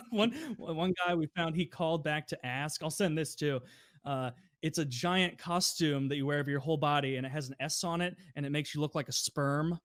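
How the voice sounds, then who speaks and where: A young man telling a casual podcast story, animated and swearing freely, acting out the people he quotes. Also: fairly high pitch, normal speed, no room sound, clean studio sound. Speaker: podcast co-host.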